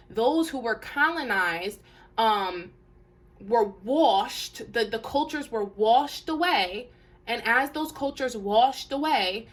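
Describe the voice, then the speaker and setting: A woman's voice: on the high side, fairly bright tone. A woman doing a casual tarot reading to camera, talking earnestly with many restarts and fillers. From Detroit area.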